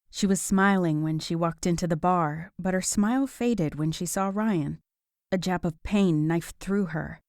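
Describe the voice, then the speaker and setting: A woman's voice: fairly low pitch, darkish tone, dry recording, clean studio sound. Woman narrating a romance audiobook.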